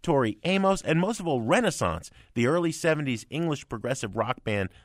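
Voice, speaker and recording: This is a male music critic talking in a studio. His delivery is emphatic and mocking, and his pitch leaps all over the place. The sound is close and dry. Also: very animated, fairly quick, no room sound. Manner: emphatic, sarcastic, theatrical swings in pitch. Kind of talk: opinionated studio review chat. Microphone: studio microphone.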